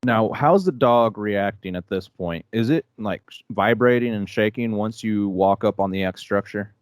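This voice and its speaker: A man hosting an interview, asking calm questions with pauses and restarts. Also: fairly low pitch, no echo, studio quality. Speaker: podcast host.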